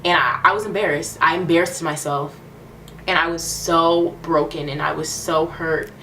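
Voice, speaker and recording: Low-voiced young woman telling a story. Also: fairly even intonation, moderate pace, sharp tone, distant mic, slight background noise. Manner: candid, emphatic, repeats phrases for emphasis. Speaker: vlogger. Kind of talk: storytime vlog.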